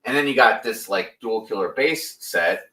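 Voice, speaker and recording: A man's voice: lowish voice, expressive, moderate pace, sharp tone. A man in a laid-back, easygoing casual chat, often calling the other man "man" or "dude". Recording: echoey room, distant mic, faint noise.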